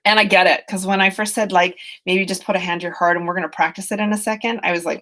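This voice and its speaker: A middle-aged woman educator giving a webinar on self-compassion, speaking gently and earnestly in a conversational way with many fillers, over a computer mic. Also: lowish voice, steady tone, quick pace, hardly any pauses. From British Columbia, Canada.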